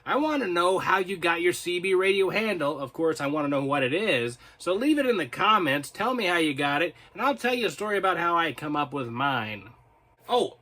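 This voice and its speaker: On his own video channel, a North Carolina man reads out viewer comments, wandering off into loose, talkative tangents and poking fun at himself. He speaks in a slightly high voice with a sharp tone.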